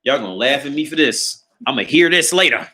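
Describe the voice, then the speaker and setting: A male host recounts a story on a relaxed livestream in his small apartment, full of profanity and frequent laughter. A hand-carried phone or camera films him. His medium-pitched voice is expressive and sharp-toned, moving fairly quickly.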